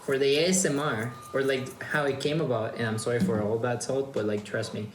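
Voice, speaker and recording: A man from Mexico hosts a casual chat, rambling loosely and trailing off mid-sentence. His medium-pitched voice is steady and a little fast, recorded with a roomy echo and faint background noise.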